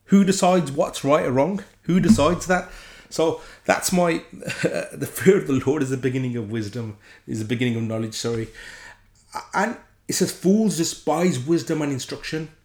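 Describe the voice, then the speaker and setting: A man giving an informal, earnest Bible study, getting excited, talking with many restarts and self-deprecating asides. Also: medium pitch, normal speed. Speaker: Bible teacher.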